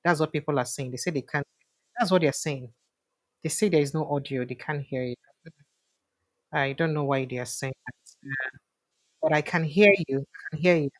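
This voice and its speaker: A woman's voice: low-pitched, normal speed, long pauses. A woman with a Nigerian accent hosting a livestream interview, chatty and informal, with filler sounds. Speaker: host. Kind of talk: livestream interview, switching between Pidgin and English.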